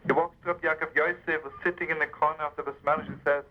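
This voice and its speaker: A man's voice: fairly high pitch, fairly even intonation, fast talker, few pauses, muffled recording, slight background noise. A man telling a Hasidic tale on the radio, addressing listeners as friends with chuckles and emphasis. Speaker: storyteller. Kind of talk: spoken storytelling on radio.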